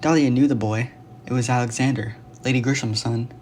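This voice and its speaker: A storyteller narrating a dark fantasy tale in an earnest, even manner. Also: medium pitch, a little fast, slight background noise.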